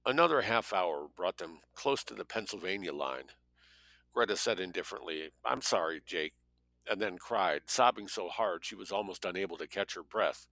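Man reading a thriller with a bright edge. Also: low voice, lively intonation, moderate pace, no echo. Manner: plain reading with offhand spoken asides. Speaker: audiobook reader. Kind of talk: audiobook narration of a thriller.

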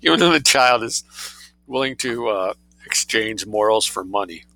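A man reads a story aloud with wry asides, his voice low-set and gravelly. He speaks with lively rises and falls, bright in tone, recorded dry and close to the mic. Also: measured pace, no room sound, rough recording. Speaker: reader and commentator. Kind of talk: storybook narration with commentary.

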